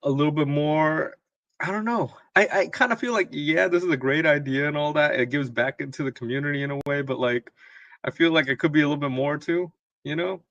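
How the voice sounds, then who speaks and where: Laid-back male co-host, slightly raised pitch, dull muffled sound. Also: fairly quick, no room sound. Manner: relaxed, chuckling, easygoing. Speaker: podcast co-host. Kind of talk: casual chat.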